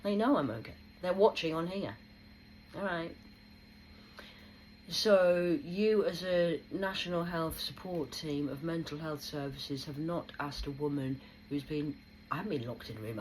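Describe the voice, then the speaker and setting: A woman's voice: low voice, normal speed, a little hiss or hum, rough recording. A woman venting in an agitated, rambling monologue to camera, swearing often, from a small rented room. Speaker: vlogger. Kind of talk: unscripted angry monologue to camera.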